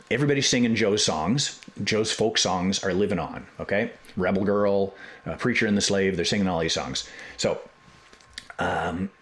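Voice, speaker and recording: A man hosting a podcast, telling a history story in a casual, animated way with profane jokes and digressions. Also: on the low side. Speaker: podcast host.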